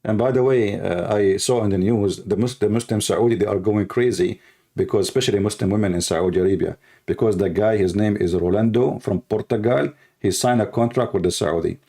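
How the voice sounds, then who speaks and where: A man's voice: on the low side, a little fast, creaky, dark tone. A man giving a sarcastic, insulting rant in a video commentary, speaking English with loose grammar. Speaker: religious critic answering a video.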